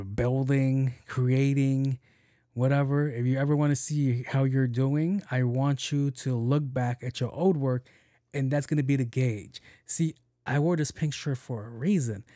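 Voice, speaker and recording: A man's voice: mid-range voice, dark tone, no room sound, clean studio sound. A young adult man hosting his own podcast, ranting casually and profanely with bursts of laughter. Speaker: podcast host. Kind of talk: casual solo podcast rant.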